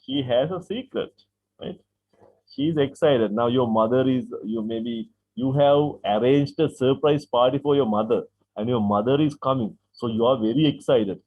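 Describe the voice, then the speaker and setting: A man teaching an English class online, repeating phrases, asking "right?" to check understanding and acting out example sentences. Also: mid-range voice. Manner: acts out example sentences with lively, drawn-out delivery. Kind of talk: online English lesson explaining vocabulary. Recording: tinny call-like line from an online class.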